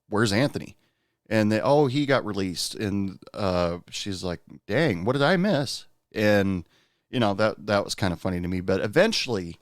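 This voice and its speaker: A man hosting a podcast, telling a personal story in a casual, rambling way with lots of pauses. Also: fairly low pitch, clean tone, no echo, clean studio sound. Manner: rambling, many "uh" pauses, animated when quoting. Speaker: podcast host and bartender.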